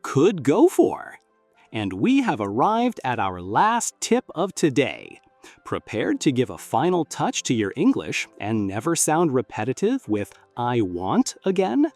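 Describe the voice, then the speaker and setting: A husky, mid-pitched voice narrates an English lesson and swings widely in pitch to stress each phrase. There is a gravelly edge at times, and faint music plays underneath. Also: huge pitch swings, unhurried, darkish tone, no echo. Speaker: English teacher. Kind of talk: scripted narration.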